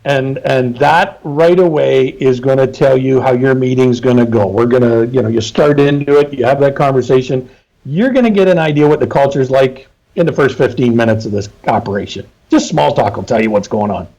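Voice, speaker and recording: A man's voice: mid-range voice, brisk, dark tone, low-quality recording. A middle-aged man, a trucking safety consultant, talking casually and emphatically as an interview guest.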